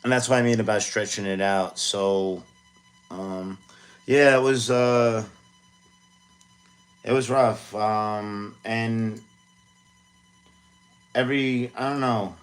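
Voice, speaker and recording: Man, 40s, deep voice, loose rambling livestream chatter from his home studio, self-mocking. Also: fairly even intonation, slow, pauses often. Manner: rambling, self-deprecating, many fillers. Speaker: music producer streaming live. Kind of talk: casual livestream chat.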